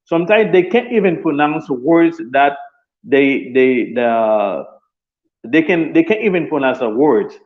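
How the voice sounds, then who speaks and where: A man's voice: a little high, lively intonation, unhurried. A man with a Haitian accent, a student giving his opinion in a class debate, hesitating with many fillers and restarts. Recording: tinny phone-like line.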